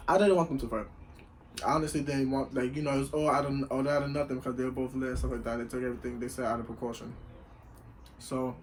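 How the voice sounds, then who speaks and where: A young man telling a story casually while eating, slangy and rambling, getting loud when he acts out what people said. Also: mid-range voice, fast, slight background noise, low-quality recording. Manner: animated, acts out quoted lines loudly. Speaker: vlogger.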